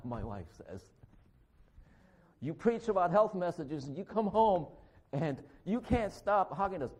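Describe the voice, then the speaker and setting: A man who is a physician, giving a conversational sermon in a church, animated and joking as he acts out confrontations. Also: high voice, unhurried. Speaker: guest preacher, physician.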